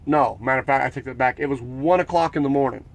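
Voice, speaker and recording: A man's voice: mid-range voice, fast, vocal fry. A man who drives his own truck, casually retelling a run-in at a loading dock and acting out his protests. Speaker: owner-operator truck driver. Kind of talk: casual storytelling vlog.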